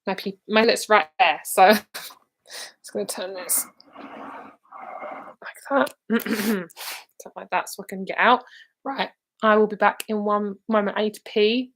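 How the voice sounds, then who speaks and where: A woman's voice: medium pitch, steady tone, unhurried, long pauses, a bit bright. A young woman giving live tarot and psychic readings. She talks in a casual, rambling way, often says "like" and swears now and then. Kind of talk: live-streamed card reading.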